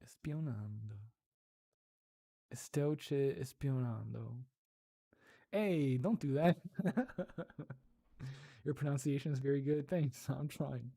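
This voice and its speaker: Laid-back male streamer, slow and mellow, giggly, repeats foreign words carefully. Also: medium pitch, gravelly. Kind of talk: casual livestream chat.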